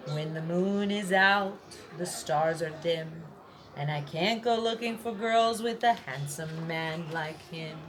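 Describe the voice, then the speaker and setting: A woman's voice: medium pitch, expressive, moderate pace, a bit bright, close to an everyday voice. A woman voicing a jealous bossy leopard. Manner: bossy and demanding. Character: boastful jealous male leopard.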